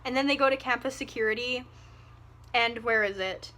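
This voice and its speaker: A woman's voice: on the high side, moderate pace, sharp tone. A young woman giving a casual, ranting book review, exasperated and sarcastic, swearing freely.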